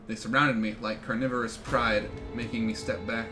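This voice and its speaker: A man's voice: lowish voice, flat delivery, moderate pace. A man streaming a game, reading the story aloud with jokey, swearing asides. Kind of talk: reading a visual novel aloud on a live stream. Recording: game music behind voice.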